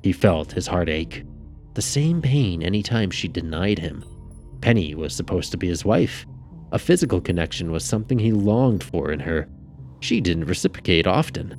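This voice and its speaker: A man narrating an audiobook in a measured, steady reading, with faint music behind. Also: low voice.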